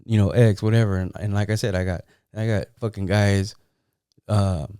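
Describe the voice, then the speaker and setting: Low, mellow-voiced man swapping street stories. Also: fairly even intonation, normal speed, smooth, no echo, studio quality. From San Jose, California. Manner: rambling, profane, streetwise. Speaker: podcast host. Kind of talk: casual storytelling.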